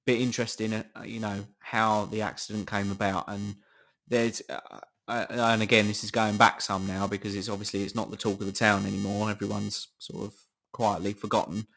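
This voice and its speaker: Sarcastic man, lowish voice. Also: flat delivery, normal speed, vocal fry, a bit bright. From Britain. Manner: sarcastic, incredulous, swears often. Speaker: podcast host. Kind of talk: casual solo podcast chat.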